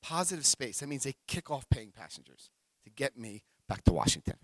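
A man in his forties speaks to a large audience. He tells a personal recovery story with energy, acting out the voices of the people in it and whooping at its high points. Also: big pitch swings, brisk, no echo. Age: 40s. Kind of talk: live talk to an audience.

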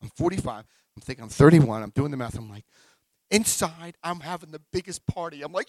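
A man in his forties tells a story to a big audience, his voice slightly high for a man and leaping all over the place as he acts out each character. The sound is close and dry, with no room echo. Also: animated, a little fast, a little mellow. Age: 40s. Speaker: speaker sharing recovery story. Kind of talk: live talk to an audience.

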